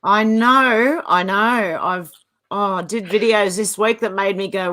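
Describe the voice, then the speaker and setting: A woman hosting a live call-in show, friendly and agreeable, quick to laugh. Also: mid-range voice, sharp tone, a little hiss or hum. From Australia. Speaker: host. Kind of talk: casual call-in chat.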